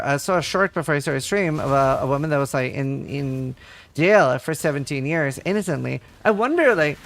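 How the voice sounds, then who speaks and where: A man streaming a game and chatting casually with viewers, rambling and full of filler words. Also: a little high. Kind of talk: casual livestream chat while gaming.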